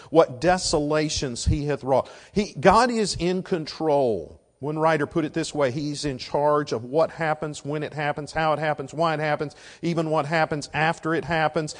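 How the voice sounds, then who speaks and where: Preacher swinging from hush to shouts. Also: male voice, fairly high pitch. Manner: swings from hushed to shouting for emphasis. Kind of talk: sermon.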